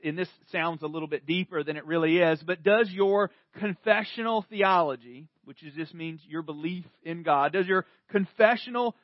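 A man's voice: on the high side, moderate pace, hardly any pauses, no echo, highs cut off. A male pastor preaching a sermon in a conversational way, rising to emphatic swells. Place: church service.

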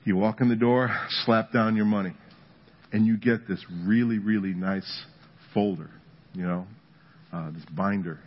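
Male pastor, mid-pitched husky voice, humorous storytelling sermon, lo-fi church recording. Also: a little slow. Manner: storytelling with humor, builds to animated emphasis. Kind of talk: conversational sermon.

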